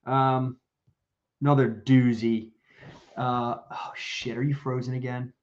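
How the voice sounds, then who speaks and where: A man's voice: medium pitch, level tone, takes it slowly, muffled recording. A man co-hosting a live podcast in casual chat, blunt and profane, rambling with lots of fillers over a video call. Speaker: podcast co-host.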